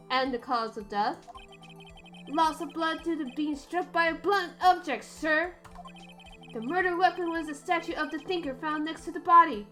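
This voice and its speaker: Woman doing a loud eager cop. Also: extremely high pitch, pitched above the performer's own voice, heavily acted. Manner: barks every sentence, ends with "sir". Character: loud eager male police detective.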